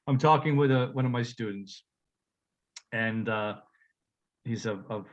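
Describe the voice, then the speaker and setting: A man's voice: medium pitch, unhurried, muffled recording. A man who teaches, co-hosting a casual podcast, telling a rambling story with frequent laughs and restarts. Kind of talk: casual chat.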